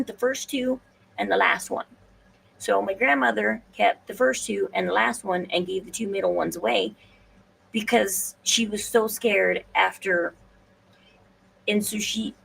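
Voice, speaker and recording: A gravelly, medium-pitched, slightly bright woman's voice comes from off-mic. A podcast host doing casual solo livestream talk, she rambles hesitantly with restarts and fillers. The distant mic picks up faint room noise.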